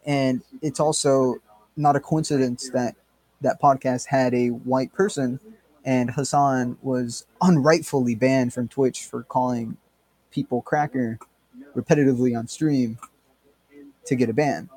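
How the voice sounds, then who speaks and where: A man's voice: medium pitch, fairly even intonation, unhurried, darkish tone, no echo. A man co-hosting a podcast, rambling and joking in casual banter, swearing freely. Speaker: podcast co-host.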